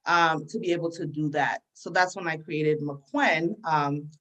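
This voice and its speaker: A woman's voice: low-pitched, measured pace, a bit bright, rough recording. A woman from Sierra Leone with an American accent, answering interview questions in an earnest, conversational way. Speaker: guest entrepreneur.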